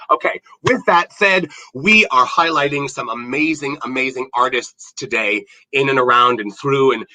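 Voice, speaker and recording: A man's voice: medium pitch, bright, forceful tone, dry recording, rough recording. A man hosting a virtual talk show, effusive and campy, calling people darling and tossing in playful jokes on a webcam mic. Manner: effusive and campy, showering guests with darlings and congratulations.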